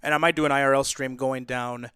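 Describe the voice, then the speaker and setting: A man's voice: medium pitch, fairly even intonation, a little fast, a bit bright, clear, resonant tone, dry recording, studio quality. A male streamer in a laid-back, rambling chat with a co-streamer, full of hesitations and fillers. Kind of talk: casual chat on a collab stream.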